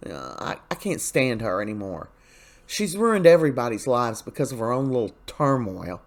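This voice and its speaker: Guy recapping his soap, blunt and opinionated, plain mid-pitched voice, super casual. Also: expressive, normal speed. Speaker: soap opera recap vlogger.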